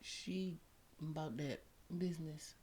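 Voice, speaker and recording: A woman's voice: deep voice, steady tone, slow, dark tone, husky. A woman, co-hosting a podcast in casual chat, laid-back, mostly brief affirmations and short asides. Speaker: podcast co-host.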